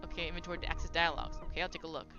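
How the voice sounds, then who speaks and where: A woman's voice: lowish voice, fairly even intonation, very fast. A woman streaming a role-playing video game, chatting casually and reading the on-screen dialogue aloud. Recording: slightly dull stream audio with game music.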